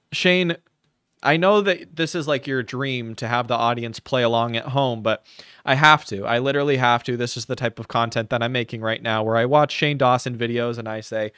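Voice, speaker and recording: A man rants through a sarcastic reaction commentary, mocking and swearing freely. His voice sits at an ordinary pitch. The sound is dry and close, with no room around it. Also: fairly bright tone, smooth, no echo. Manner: mocking, profane, ranting. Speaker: commentary YouTuber reacting to a video.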